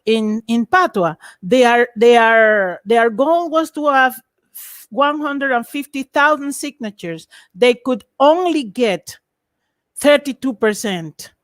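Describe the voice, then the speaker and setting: A woman lecturing in an online academic webinar, lively and emphatic, over a video call. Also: a little high, no echo.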